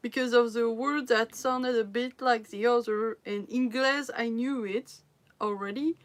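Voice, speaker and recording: On her livestream, a giggly woman chats casually with viewers at a measured pace, her voice a little high with fairly even intonation. Her first language is French, so she pauses and restarts sentences to search for English words, laughing between phrases.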